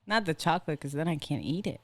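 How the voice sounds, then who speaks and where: A woman's voice: low-pitched, expressive, quick pace, no room sound. Sassy young woman from Venezuela. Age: young adult. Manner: playful, sassy, laughing often. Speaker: podcast guest. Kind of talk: casual chat.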